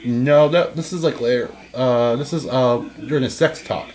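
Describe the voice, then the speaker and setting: A young man chatting casually as a co-host, excitable, laughing often and breaking into high silly voices. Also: moderate pace, low-quality recording. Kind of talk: casual chat.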